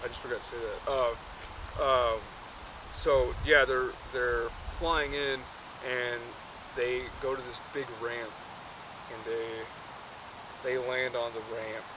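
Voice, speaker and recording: A man's voice: medium pitch, level tone, takes it slowly, pauses often, noisy background. A man casually retelling a movie, rambling with many fillers and self-corrections.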